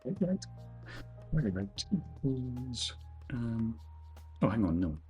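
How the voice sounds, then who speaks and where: A man's voice: medium pitch, big pitch swings, takes it slowly, muffled recording, soft background music. A man streaming his game development, thinking aloud as he codes, correcting himself and chatting with viewers in a jokey, self-deprecating way. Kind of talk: casual live-stream commentary while coding.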